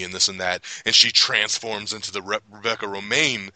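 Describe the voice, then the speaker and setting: An excitable man chatting casually about movies, his voice bright and forceful. He laughs often and jumps up in pitch when he acts out quotes. The sound is dry and close. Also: fairly quick, hardly any pauses, dry recording, poor audio. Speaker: podcast host. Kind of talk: casual movie review chat.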